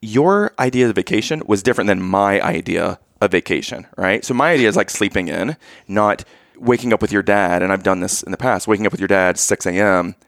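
A man co-hosting a podcast, telling a family road-trip story in casual chat, animated and rising to exasperated outbursts. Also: fairly low pitch, brisk, vocal fry, no echo, clean studio sound. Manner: animated, rising to loud exasperation when quoting himself. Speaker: podcast co-host.

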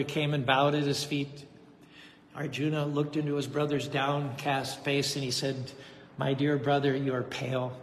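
A man's voice: a little high, a bit bright. A man preaching a sermon in a temple hall, retelling an epic story in an earnest, dramatic way. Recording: echoey hall, faint noise.

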